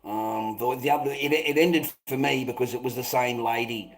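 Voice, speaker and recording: A man's voice: medium pitch, steady tone, normal speed, a little hiss or hum. A middle-aged man, ranting aggressively and swearing repeatedly on a live stream. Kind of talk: confrontational live stream rant.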